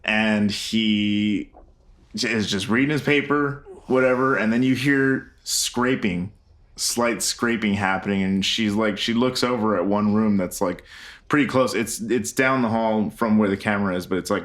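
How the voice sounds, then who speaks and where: A podcast co-host recaps a film scene in a loose, rambling, profane way, with plenty of fillers and frequent loud laughter. His voice is lowish and his speed normal.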